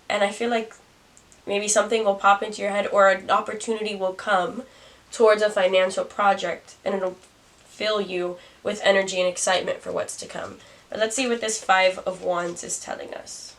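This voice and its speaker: A young woman doing a casual tarot reading to camera, musing aloud and laughing at herself. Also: mid-range voice. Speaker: tarot reader. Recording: distant mic, faint noise.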